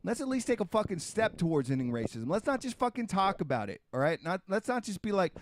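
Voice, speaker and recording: A middle-aged man on a casual podcast, swearing constantly as he hammers his point home. His voice sits a bit high for a man, and the sound is dry and close, with no room around it. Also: sing-song, fast talker, hardly any pauses, no echo. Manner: heavily profane, emphatic ranting; repetitive, restarts and rhetorical questions. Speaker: podcast host.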